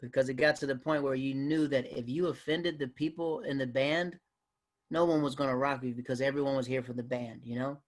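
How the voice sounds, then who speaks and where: Male comic telling road stories, animated, average pitch. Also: a little fast. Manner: animated, acts out other people's voices. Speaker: guest comedian. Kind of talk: casual storytelling in a podcast interview.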